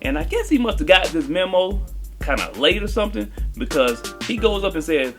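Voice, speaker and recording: Man doing a funny movie review, voice bouncing all over, kinda high, music low behind. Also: a little fast. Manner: animated, joking, slangy.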